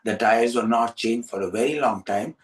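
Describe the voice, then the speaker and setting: A man, hosting a storytelling session for young listeners in an animated, repetitive, coaxing way. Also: medium pitch, normal speed, recorded from a distance, low-quality recording. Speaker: storyteller and host.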